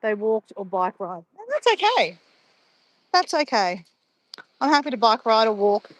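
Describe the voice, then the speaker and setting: A woman's voice: medium pitch, lively intonation, moderate pace. A woman, chatting casually and playfully with live viewers in a bubbly, laughing way.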